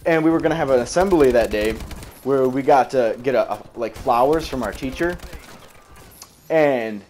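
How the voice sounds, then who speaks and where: At a normal speed and medium pitch, a young man with a darkish tone tells a long personal story about school, backed by a little hiss or hum. He keeps it casual, wandering off track, cursing, and fixing his own words along the way.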